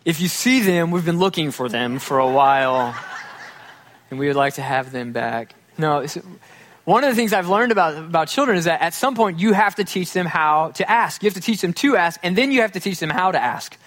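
A male pastor with a fairly high voice gives a chatty, conversational sermon. He often acts out the voices of the people he quotes, and he slips in self-deprecating jokes. His delivery stays relaxed and easy. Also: a little fast.

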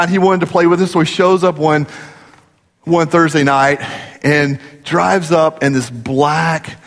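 A man preaching a sermon, telling stories animatedly and dropping low for serious points. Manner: animated storytelling, rising to emphatic peaks and dropping low for gravity. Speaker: pastor. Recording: long hall reverb.

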